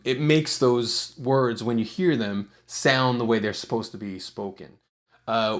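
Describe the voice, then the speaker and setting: A man teaching songwriting in a relaxed, explanatory way, with frequent fillers and restarts. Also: mid-range voice. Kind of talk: casual instructional talk.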